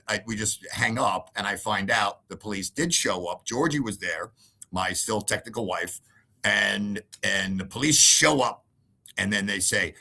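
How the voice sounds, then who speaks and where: Animated gravelly man telling a heated story. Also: lowish voice. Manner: animated, acts out quoted voices, emphatic repetition. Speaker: interview guest.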